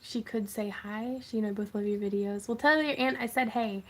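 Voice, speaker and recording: A woman's voice: fairly high pitch, fairly even intonation, measured pace. A woman hosting a casual craft livestream, chatting to viewers in a gushing, effusive way and laughing often. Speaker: craft channel host.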